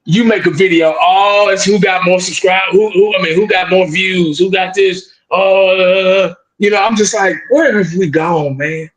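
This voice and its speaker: High voiced guy ranting about his team on a video call, keeps saying man, roomy echo. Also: normal speed, hardly any pauses. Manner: blunt, repetitive, animated ranting with frequent "man". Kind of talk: heated casual sports talk.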